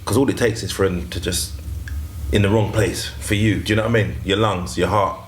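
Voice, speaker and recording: A man hosting a podcast, chatting casually and often cutting in with quick agreement. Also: on the low side, steady tone, slight background noise. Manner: frequent quick agreeing interjections. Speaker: podcast host. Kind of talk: casual interview chat.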